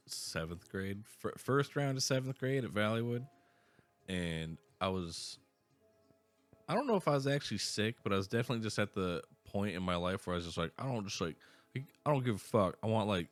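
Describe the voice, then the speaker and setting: Low-voiced man telling rambling stories. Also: lively intonation, moderate pace, soft background music. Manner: rambling storyteller, swears a lot. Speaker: podcast host. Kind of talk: casual chat.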